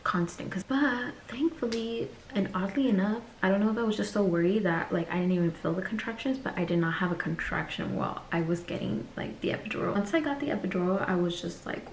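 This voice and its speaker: A woman's voice: mid-range voice, brisk, few pauses, reverberant, a little hiss or hum. A woman vlogger telling a personal story in a candid, chatty way and acting out the people she quotes.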